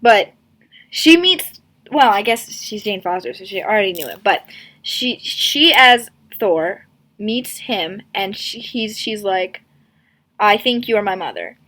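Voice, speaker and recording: A woman's voice: medium pitch, lively intonation, slow pace, bright, forceful tone. A young woman casually ranting in a comic review, sarcastic and exasperated, with lots of filler words.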